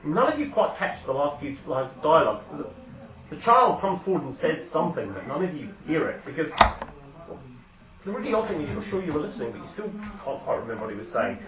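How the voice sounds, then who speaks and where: A man's voice: a little high, big pitch swings, a little fast, noisy background. A man narrates a tabletop game as game master, talking conversationally and correcting himself as he goes. His voice is thin and phone-like, set far back in an echoing room. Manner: conversational, with hesitations and self-corrections. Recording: echoey, distant, phone-like sound.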